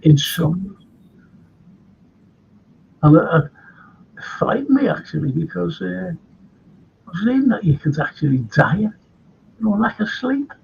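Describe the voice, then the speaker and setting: Gravelly older Liverpool man, rambling. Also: sits high, big pitch swings, unhurried, pauses often, darkish tone. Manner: rambling, chatty, with frequent restarts. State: tired from lack of sleep. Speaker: host. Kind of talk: casual chat. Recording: dull lo-fi sound with faint noise.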